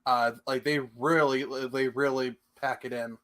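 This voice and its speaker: A man's voice: mid-range voice, fairly even intonation, a little slow, a bit bright. A young man co-hosting a casual movie podcast, chatty and full of trivia, laughing easily. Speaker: podcast co-host. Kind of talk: casual movie review chat.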